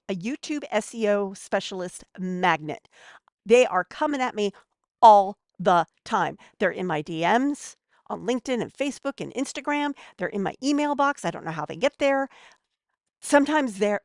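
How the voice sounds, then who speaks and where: A woman's voice: medium pitch, dry recording, studio quality. A woman giving casual advice as a podcast guest, chatty and a bit snarky.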